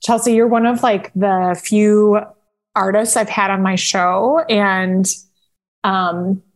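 A woman's voice: mid-range voice, steady tone, slow. A woman hosting an interview show, asking questions in a reflective, conversational way and saying "like" often. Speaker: podcast host. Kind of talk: interview chat.

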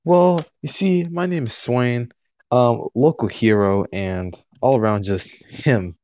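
A man's voice: mid-range voice, warm tone, highs cut off. Joking man playing a tabletop game. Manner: joking, halting, repeats words. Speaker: player. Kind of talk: tabletop role-play, in character.

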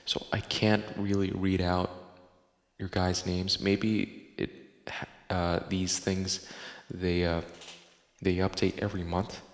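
A man's voice: sits low, flat delivery, slow pace. A man hosting a casual solo podcast, swearing in exasperation as he reads listener posts aloud. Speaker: podcast host. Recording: echoey room with long reverb.

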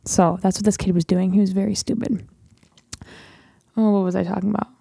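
Teen girl host, chatty and rambling, low mellow tone with lots of fry, dry close sound. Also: level tone, a little fast, no room sound. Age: teens. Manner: chatty, rambling, says "literally" often. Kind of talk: casual chat.

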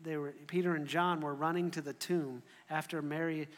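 A man preaching a sermon, telling the story in an animated way and often restarting his phrases. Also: fairly high pitch, moderate pace. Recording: echoey hall.

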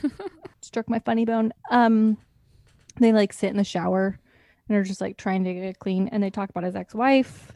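A woman's voice: medium pitch, steady tone, normal speed, gravelly, warm tone, dry recording. Giggly woman chatting about a movie. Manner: laughs often, acts out characters' lines. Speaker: movie reviewer. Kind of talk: casual chat reviewing a film. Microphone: video call.

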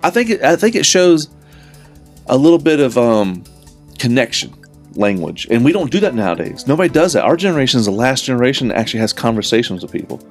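A man's voice: mid-range voice, very animated, quick pace, soft background music. A middle-aged man with a Southern American accent, joking and rambling as a podcast co-host. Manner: rambling, jokey, plays voices in quotes. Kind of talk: casual podcast banter.

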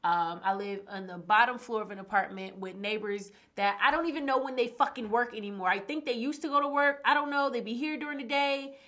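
A young woman. Her voice is bright and forward, and her talk is casual and frank. She speaks openly and swears freely. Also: medium pitch, lively intonation, brisk. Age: 20s. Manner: candid and frank, swears freely when frustrated. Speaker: podcast host. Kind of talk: casual solo podcast talk.

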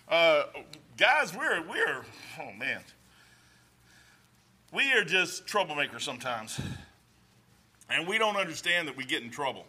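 Man preacher, folksy and rambling, bright forceful tone, slightly high voice. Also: very animated, measured pace, long pauses, slightly rough. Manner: reads scripture aloud in old-style wording. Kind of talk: sermon with personal stories.

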